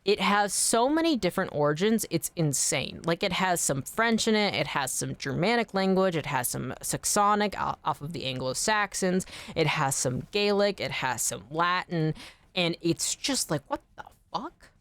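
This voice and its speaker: Animated American woman streamer, lively pitch. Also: normal speed, no echo. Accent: General American. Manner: animated, swears freely, laughs often. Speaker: game streamer. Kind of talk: casual chat while streaming.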